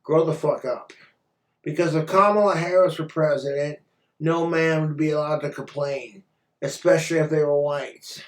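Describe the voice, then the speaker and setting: A man rants into the camera, blunt and crude, swearing freely. His voice sits a little high for a man. It echoes around the room and sounds set back from the mic. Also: fairly even intonation, normal speed. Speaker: vlogger. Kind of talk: profane casual rant. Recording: roomy echo, far from mic.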